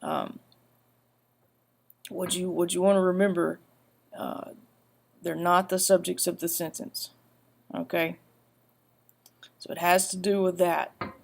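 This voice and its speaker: Gravelly-voiced woman teaching grammar. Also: lowish voice. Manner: repetitive, halting, with many fillers; reads example sentences aloud. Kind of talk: grammar lecture.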